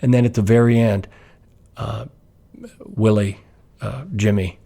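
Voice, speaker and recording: A man, a pastor, giving an earnest podcast devotional message and telling a story in an unhurried way with frequent restarts. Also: fairly low pitch, steady tone, vocal fry, mellow.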